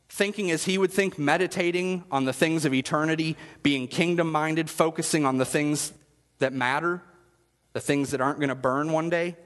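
A man's voice: fairly high pitch, fairly bright tone, long reverb tail. A man preaching a sermon in a conversational, chatty way and asking the congregation questions. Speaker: pastor.

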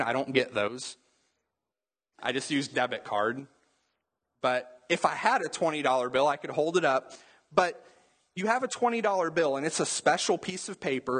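A young adult man preaching a sermon in a relaxed, conversational way, full of casual asides. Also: mid-range voice, husky. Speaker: pastor.

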